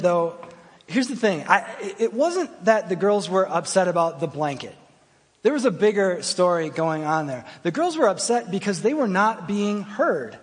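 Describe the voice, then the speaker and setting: A man in his thirties preaching a sermon, his fairly high voice carrying through a church hall with a long reverb. He talks in an easygoing, storytelling way and pokes fun at himself. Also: breathy edge. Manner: conversational storytelling, self-deprecating. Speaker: pastor.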